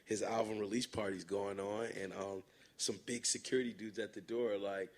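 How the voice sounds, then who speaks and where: Young male guest, low voice, casual rambling storyteller. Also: moderate pace. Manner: relaxed, filler-heavy, says "like" a lot. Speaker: guest rapper. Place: live podcast stage.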